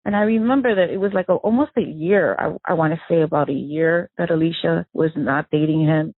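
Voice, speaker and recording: A woman, the victim's sister, recounting memories of her sibling in an emotional, animated way, acting out the dialogue she quotes. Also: low-pitched, brisk, dry recording. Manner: animated storyteller who acts out quoted dialogue. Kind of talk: emotional first-person recollection. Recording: tinny phone-line audio.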